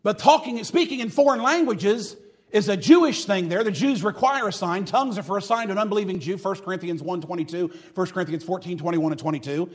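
A man's voice: sits high, quick pace. A man preaching a sermon in a folksy, mocking manner. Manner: folksy, mocking, preaching with rising and falling intensity.

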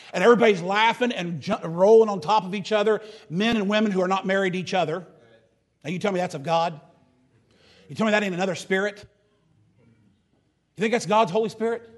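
A man's voice: high voice, brisk, long pauses. A man preaching a sermon in a folksy, mocking manner. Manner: folksy, mocking, preaching with rising and falling intensity.

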